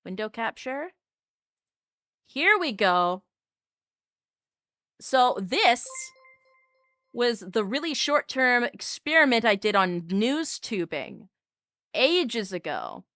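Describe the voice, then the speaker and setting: Streamer girl cringing at her old stuff, bit high voice, super dry mic, animated and jokey. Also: slow pace, long pauses, no echo. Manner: animated, self-mocking, yelps in embarrassment. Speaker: VTuber streamer. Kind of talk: casual live-stream chat.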